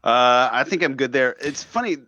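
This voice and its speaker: A man's voice: mid-range voice, expressive, moderate pace, sharp tone, lo-fi sound. A man, a radio host appearing as a podcast guest, talking thoughtfully in casual conversation and hedging often with fillers.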